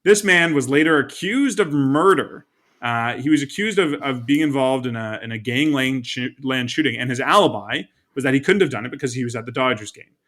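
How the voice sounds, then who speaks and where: A man's voice: medium pitch, fairly quick, fairly bright tone. A man co-hosting a sports podcast, chatting casually and recapping TV episodes. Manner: conversational, recaps episodes with light laughs. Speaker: podcast co-host. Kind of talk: casual chat.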